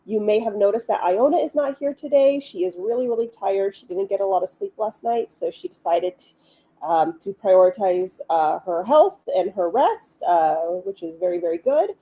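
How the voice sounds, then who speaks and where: A woman's voice: medium pitch, animated, normal speed, mellow, highs cut off. A woman hosting a casual livestream, chatting in an upbeat way with frequent ums and asides. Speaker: livestream host and author.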